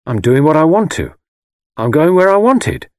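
A man's voice: on the high side, sing-song, moderate pace, darkish tone, no echo, clean studio sound, pitched above the performer's own voice. A man doing a defensive, irritable young husband. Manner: defensive, exasperated replies.

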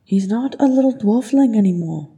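A woman voicing a young male dwarf prince who speaks softly and consolingly, for an audiobook. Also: a little high, animated, normal speed, pitched above the performer's own voice. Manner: soft, consoling. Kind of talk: audiobook character voice.

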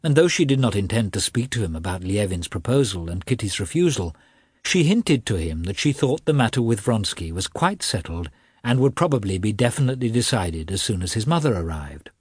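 Man reading a classic novel aloud, husky voice, lots of pitch movement, dry and close. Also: dry recording. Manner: expressive, measured reading. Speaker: audiobook narrator. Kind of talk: classic novel audiobook narration.

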